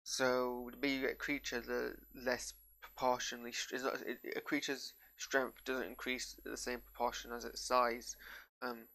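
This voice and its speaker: A man's voice: mid-range voice, completely flat delivery, moderate pace, vocal fry, bright, forceful tone. A man with a northern English accent giving a casual, rambling reaction to a TV episode, often drifting off on tangents and losing his thread. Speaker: show reviewer.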